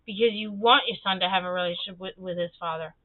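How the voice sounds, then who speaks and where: A woman's voice: medium pitch, fairly even intonation, fast, no echo, narrow, tinny audio. A young woman hosting a livestream, chatting casually and animatedly, swearing freely and acting out the voices of people in her stories. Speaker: livestream host.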